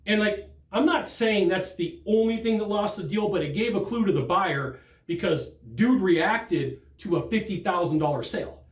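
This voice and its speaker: A man giving a sales training talk, telling stories from the field in an animated, emphatic way. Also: high voice, normal speed, roomy sound.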